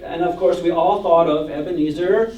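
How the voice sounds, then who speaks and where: A man's voice: a little high, normal speed, muffled recording, background noise. A male church music minister and organist gives a chatty, joking class talk. He reads hymn verses aloud and laughs often. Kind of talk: informal lecture to a church adult class. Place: church meeting room. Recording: roomy echo, voice from far off the mic.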